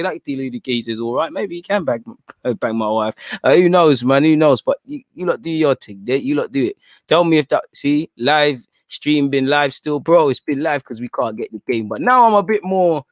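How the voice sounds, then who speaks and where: Man, live-stream host, slangy rambling chat, fairly high voice, dry close sound. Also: no echo. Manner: slangy, rambling, shifts between mutters and excited outbursts.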